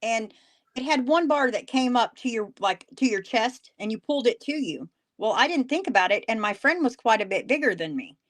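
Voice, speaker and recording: A woman's voice: fairly high pitch, expressive, brisk. A woman co-hosting a casual live stream, chatty and laughing as she tells her stories. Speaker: co-host.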